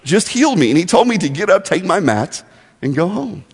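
A man's voice: sits high, big pitch swings, fairly quick, breathy edge, exaggerated voice. A man voicing an earnest, long-suffering beggar man who pleads in an exasperated way. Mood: bewildered. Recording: long echoey hall reverb.

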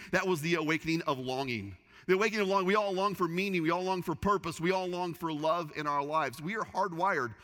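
A middle-aged man preaching a sermon as pastor, telling a story in a lively way with repeated restarts. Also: a little high. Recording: long reverb of a large hall.

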